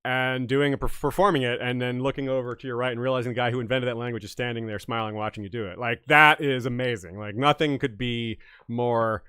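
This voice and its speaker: A man's voice: medium pitch, fairly quick, few pauses, bright, forceful tone, clear, resonant tone, no room sound, clean studio sound. A man co-hosting a casual podcast, telling stories emphatically and with animation. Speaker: podcast co-host. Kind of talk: casual storytelling chat.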